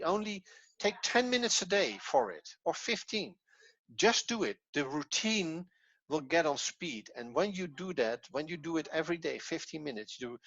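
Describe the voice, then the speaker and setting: A man teaching a Hebrew class online, patient and encouraging, often pausing and restarting. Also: fairly high pitch, fairly bright tone, dry recording. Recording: dull, lo-fi, dry.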